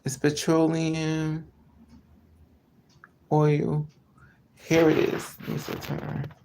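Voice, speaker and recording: A woman's voice: low voice, monotone, extremely slow, warm tone. A woman chatting casually on a live stream from her car, telling stories and quoting people in raised voices. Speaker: vlogger.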